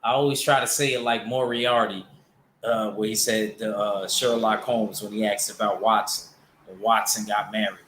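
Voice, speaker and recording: A man's voice: lowish voice, fairly even intonation, normal speed, a bit bright, reverberant, a little hiss or hum. A man hosting a casual boxing livestream, rambling loosely and answering his chat. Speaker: boxing show host reading chat.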